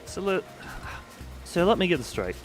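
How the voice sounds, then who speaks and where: A brash male game character in a hammy mock Australian accent, put on by a streamer. The voice sits above his own usual pitch. Faint background music plays under it. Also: sing-song, moderate pace, low-quality recording. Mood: accusing.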